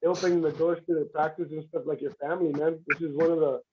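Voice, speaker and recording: A man with a high voice tells his story in a loose, rambling way, restarting his sentences and laughing now and then. His voice comes through dull and muffled, like audio from a video call. A faint hiss sits behind it. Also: little pitch movement, quick pace. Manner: rambling, repeats words, laughs often. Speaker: guest arm wrestler. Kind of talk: casual livestream chat.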